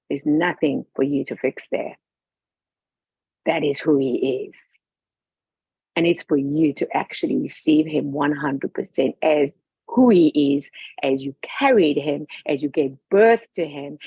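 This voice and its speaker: A woman's voice: deep voice, creaky, mellow, husky, no room sound. A woman guest talking with passion, emphatic and outspoken about her views. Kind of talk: passionate personal talk. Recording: dull lo-fi recording.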